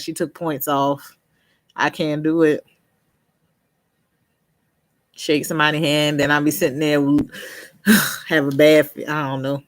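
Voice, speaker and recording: Chatty, laughing woman on a live stream. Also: sits low. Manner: chatty, laughs often, trails off and restarts; replies to viewers' comments by name. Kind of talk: casual live-stream chat.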